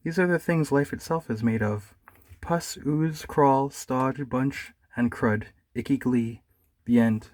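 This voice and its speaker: A man's voice: medium pitch, a little mellow, dry recording, close to an everyday voice. A man voicing a happy, pushy male bear poet in a bikini, speaking chirpily and wheedling. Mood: poem-reciting. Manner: chirpy and wheedling, poems read slowly.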